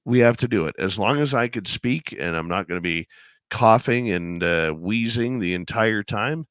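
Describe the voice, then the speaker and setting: A man with a lowish voice hosts a talk show while getting over a head cold. He chats loosely and rambles, often padding with fillers. The sound is dry and close, with no room around him. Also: normal speed, a bit bright, no echo. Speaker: radio show host. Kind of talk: casual chat.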